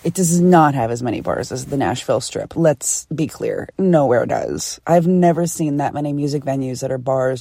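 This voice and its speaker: A woman from Philadelphia hosting a casual solo podcast, chatty and quick to laugh, swearing freely as she tells a story. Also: extremely low pitch, expressive, gravelly, warm tone, husky, no echo. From Philadelphia, USA. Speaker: podcast host.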